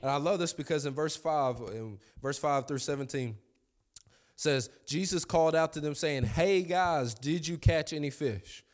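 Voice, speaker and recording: A man preaching a sermon as pastor, swinging from quiet asides into loud, high, excited preaching. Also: normal speed. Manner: animated, rising to high excited pitch when preaching.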